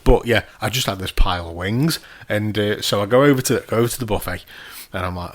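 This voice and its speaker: A man's voice: lowish voice, fast. A man, telling rambling, sweary anecdotes on a casual podcast. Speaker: podcast co-host. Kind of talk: casual chat.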